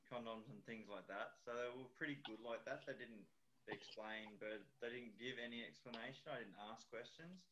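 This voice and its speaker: A man hosting a podcast, chatting casually in a relaxed, rambling way. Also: lowish voice, muffled recording, slight background noise. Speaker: podcast host. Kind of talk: casual chat.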